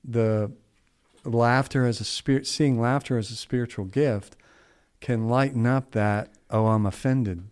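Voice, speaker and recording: A man's voice: mid-range voice, fairly even intonation, measured pace, a little mellow, smooth. A middle-aged man co-hosting a podcast, telling a story in a casual, rambling way with restarts and folksy asides. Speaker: podcast co-host.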